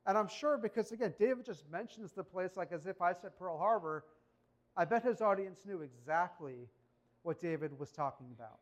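A man preaching a sermon in a conversational, animated way, often asking rhetorical questions. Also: sits high, normal speed.

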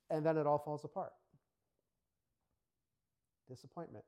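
High-voiced pastor preaching casually. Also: male voice, normal speed, long pauses, low-quality recording. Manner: casual, animated storytelling with acted-out quotes. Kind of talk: sermon.

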